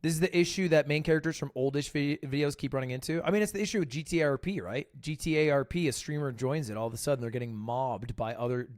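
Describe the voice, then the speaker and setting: A man hosting a livestream, chatting casually in a rambling, joking way with quick asides. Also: fairly high pitch, a little mellow. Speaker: livestream host. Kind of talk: casual reaction-stream chat.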